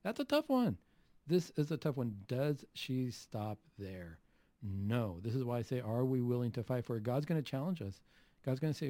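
A man preaching a Catholic homily, asking rhetorical questions and acting out the Gospel quotes with lively emphasis. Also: mid-range voice, normal speed, no echo.

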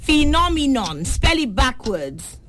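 A young Nigerian woman hosting a call-in spelling quiz, saying each word slowly and clearly. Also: sits high, big pitch swings, a bit bright, a little hiss or hum. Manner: pronounces quiz words slowly and deliberately. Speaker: radio quiz host.

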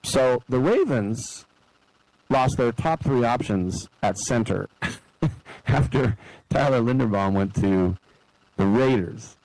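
A man's voice: mid-range voice, takes it slowly, long pauses, a little mellow, no room sound, rough recording. A middle-aged man hosting a sports talk show, chatty and digressive, drifting into side stories and acting out quoted voices. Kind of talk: casual sports commentary monologue.

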